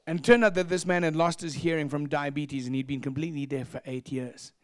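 A man preaching a sermon as pastor, telling stories in an animated way and acting out voices. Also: fairly high pitch, quick pace, dry recording, clean studio sound. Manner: animated, acts out voices, laughs at own stories. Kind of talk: sermon storytelling.

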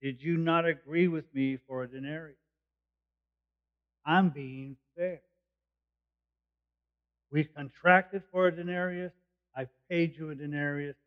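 A man's voice: a little high, fairly even intonation, slow pace, pauses often, clear, resonant tone. Man preaching, dull lo-fi recording. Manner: explains scripture verse by verse, paraphrasing conversationally. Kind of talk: sermon.

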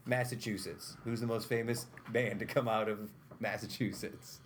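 A man's voice: on the low side, fairly even intonation, normal speed, slight background noise. A young man hosting a casual podcast chat, quizzing his guests and laughing often. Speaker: podcast host.

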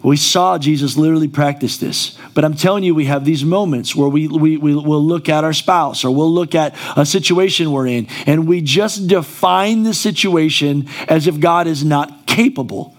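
A man's voice: fairly high pitch, moderate pace. A male pastor preaching a sermon in a church, conversational and then rising to emphatic exclamations.

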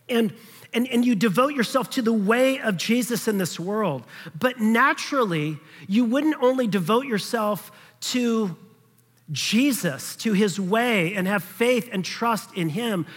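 A man's voice: very high voice, a bit bright, breathy edge. A man preaching a sermon in a conversational way, checking in with his congregation and acting out quoted voices in passing. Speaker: pastor. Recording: long hall reverb.

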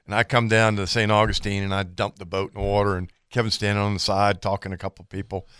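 A man's voice: on the low side, fast talker, clear, resonant tone, no room sound, studio quality. A man co-hosting a casual talk show, telling a story and acting out the quotes. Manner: animated storyteller, acts out quotes. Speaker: co-host.

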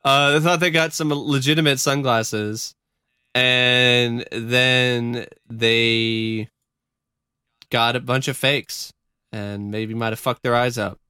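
A man's voice: mid-range voice, steady tone, takes it slowly, bright, forceful tone, clear, resonant tone, no echo, studio quality. A man co-hosting a casual podcast, rambling and joking, sometimes hunting for words. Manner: rambling, joking, swears, trails off looking for words. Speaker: podcast co-host. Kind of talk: casual chat.

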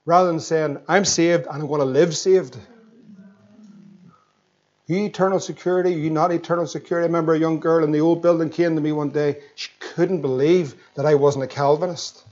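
Northern Irish man, pastor preaching a sermon, high voice, fervent emphatic delivery, slightly dull recording. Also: fairly even intonation, a little fast, few pauses. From Northern Ireland. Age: 30s. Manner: fervent preaching, rising to loud emphatic questions.

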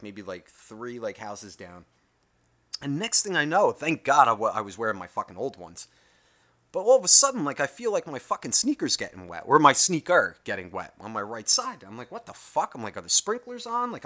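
A man hosting a casual comic monologue who rambles and swears in nearly every sentence. His voice is bright and animated, with pitch that jumps around as he tells the story. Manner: rambling, heavily profane. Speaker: host.

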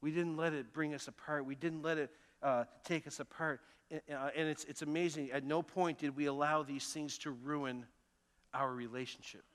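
A middle-aged man preaching a sermon as pastor, telling personal stories earnestly, moving between emphatic lines and hushed ones. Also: a little high, fairly even intonation, normal speed. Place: church sanctuary. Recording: long church reverb.

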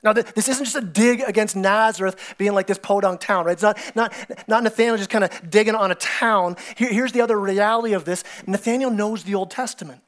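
Give me a chatty, animated male pastor preaching. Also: high-pitched, brisk, hardly any pauses. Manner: animated storytelling, acting out biblical characters with excited voices; conversational, repeats words and restarts often. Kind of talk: sermon. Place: church sanctuary.

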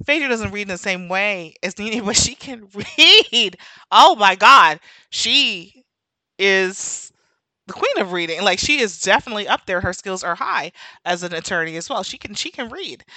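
A woman's voice: mid-range voice, pushed and bright, dry recording. A woman with a New York accent hosting a podcast, talking animatedly in a casual monologue, going off on tangents and laughing often. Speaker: podcast host.

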